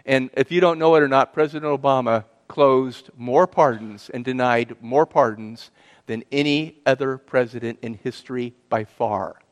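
A man's voice: mid-range voice, moderate pace. A middle-aged man giving an earnest personal testimony as a guest speaker, telling his story and asking the audience questions. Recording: long hall reverb.

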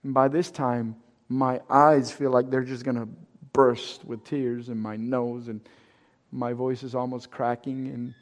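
A man telling a personal story with drama. He acts out dialogue and drops to hushed tones at tense moments. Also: mid-range voice, little pitch movement, unhurried, long reverb tail.

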